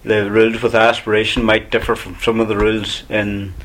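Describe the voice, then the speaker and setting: A man's voice: on the low side, little pitch movement, fairly quick, fairly bright tone, a little hiss or hum. A man from Ulster with an Ulster Irish accent, patiently explaining phrases as a language teacher. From Ulster, Ireland.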